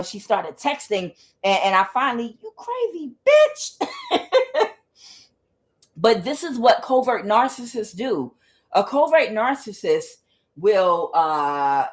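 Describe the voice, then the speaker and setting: A woman tarot reader in a casual monologue who tells her story bluntly, swears freely and repeats words for emphasis. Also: medium pitch.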